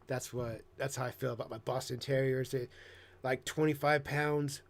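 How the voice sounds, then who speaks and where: A man chatting casually on a live stream, rambling and swearing, now and then jumping into excited high voices. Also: normal speed. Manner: profane, rambling, bursts into excited squeaky voices mimicking himself. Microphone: headset.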